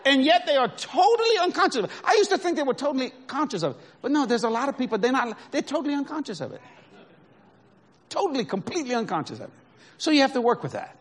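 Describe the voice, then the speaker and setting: A man's voice: extremely high pitch, sing-song, fast talker, fairly bright tone. A man preaching a sermon through folksy stories, chuckling often and checking that his listeners follow. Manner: folksy, conversational, asks the audience if they follow. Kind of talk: storytelling sermon.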